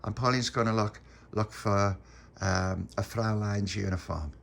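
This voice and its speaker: A man's voice: fairly low pitch, steady tone, a little slow, gravelly, fairly bright tone, slight background noise. A man voicing an eager, bossy little boy who stumbles over his words as he leads his friends' game.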